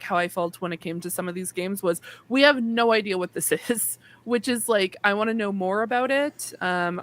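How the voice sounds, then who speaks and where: A woman's voice: mid-range voice, a bit bright. Rambling woman podcast co-host. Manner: rambling, many fillers and restarts. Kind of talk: casual chat.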